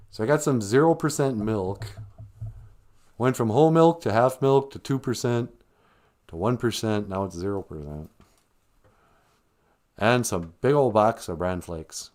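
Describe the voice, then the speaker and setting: A man's voice: fairly low pitch, lively intonation, normal speed, pauses often, a little mellow. An older man hosting a casual livestream. He reminisces, jokes and reads the chat aloud. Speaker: livestream host.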